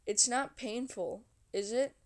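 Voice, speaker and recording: A woman's voice: mid-range voice, unhurried, a little mellow, close to an everyday voice. A woman reading aloud and voicing a nervous young man who asks hesitant, polite questions. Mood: timid. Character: nervous, timid young male interviewer.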